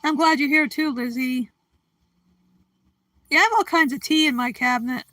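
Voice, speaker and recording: A livestream host chats casually with her live viewers, greeting them by name, giggling a lot and yawning as if drowsy. Her voice sits high and sounds pushed and bright, at a moderate pace, in a dry recording.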